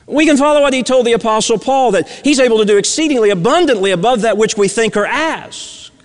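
High-voiced preacher in a reverberant hall. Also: male voice, expressive, quick pace. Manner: storytelling, swings from loud emphasis to hushed near-whispers. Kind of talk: sermon.

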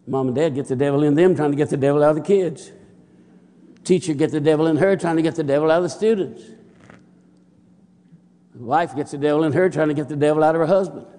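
Male preacher, folksy storytelling sermon, voice a bit high, long hall reverb. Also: quick pace, pauses often, dark tone. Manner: folksy, repetitive "and he said" anecdotes.

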